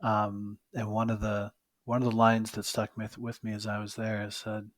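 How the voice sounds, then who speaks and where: A man's voice: fairly low pitch, monotone, normal speed, dry recording. A man hosting a podcast interview, talking hesitantly with many fillers. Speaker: podcast host. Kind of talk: casual conversational interview.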